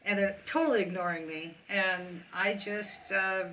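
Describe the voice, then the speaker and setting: Woman, podcast host, chatty, bright tone, distant mic, faint background noise. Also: mid-range voice, steady tone, a little slow. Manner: chatty, laughs easily. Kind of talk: casual interview chat.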